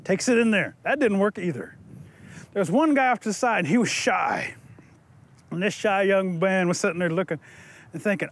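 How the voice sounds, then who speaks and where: A high-pitched man telling a folk tale with lively, animated delivery. He speaks straight to his audience in a relaxed, conversational storytelling voice. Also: moderate pace, pauses often. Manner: lively, animated, addresses listeners. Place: museum.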